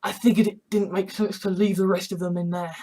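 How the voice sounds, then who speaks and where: A woman's voice: medium pitch, flat delivery, brisk, warm tone, lightly acted. A woman doing a nervous young man.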